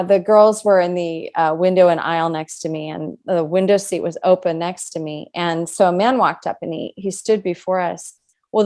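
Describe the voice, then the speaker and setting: A middle-aged woman, a guest author in an interview, tells a personal story earnestly and reflectively, acting out quoted dialogue. Her voice is on the low side and a little mellow.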